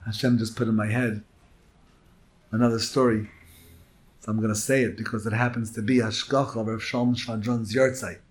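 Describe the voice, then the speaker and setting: A man teaching a Torah lecture as a rabbi, emphatic and swinging between hushed and loud phrases. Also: on the low side, flat delivery. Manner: slow, drawn-out emphasis.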